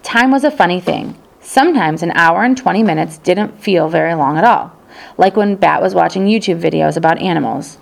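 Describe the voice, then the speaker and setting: A woman reading a children's novel aloud as narrator, telling the story in a steady, even way. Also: fairly low pitch, a little fast, vocal fry. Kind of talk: audiobook narration.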